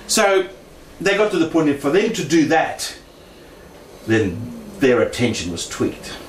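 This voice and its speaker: A man's voice: on the high side, sing-song, a little slow. Chatty man in an echoey room. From Australia. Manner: chatty, laughs often, acts out quoted voices. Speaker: speaker sharing paranormal experiences. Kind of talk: casual storytelling talk. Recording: echoey room, distant mic, faint noise.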